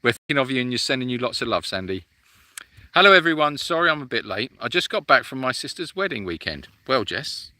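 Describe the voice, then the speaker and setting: A chatty man hosting a live-stream Q&A, teasing viewers and reading out their comments with plenty of ums. His voice is very bright and sharp-edged, recorded close and dry. His pitch sits in an ordinary middle range. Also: big pitch swings, a little fast, no echo. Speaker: animal sanctuary host. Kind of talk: casual live-stream chat Q&A.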